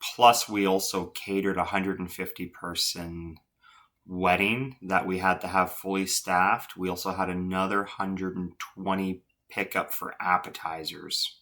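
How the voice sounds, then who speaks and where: A man's voice: deep voice, flat delivery, a little slow, bright, forceful tone. A tired man, a chef, giving casual, rambling commentary on a cooking video late at night.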